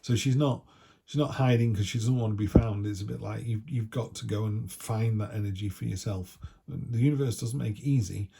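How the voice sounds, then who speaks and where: Male tarot reader from the United Kingdom, gravelly and husky, chatty with playful asides. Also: lowish voice, fairly quick, dark tone. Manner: chatty, jokey, acts out little voices. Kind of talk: casual tarot reading.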